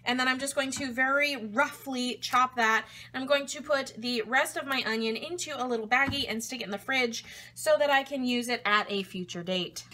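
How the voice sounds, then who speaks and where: A woman's voice: high voice, bright, forceful tone. A woman chatting playfully while cooking in her home kitchen, talking to her food as she goes. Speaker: cooking vlogger. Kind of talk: casual chat while cooking.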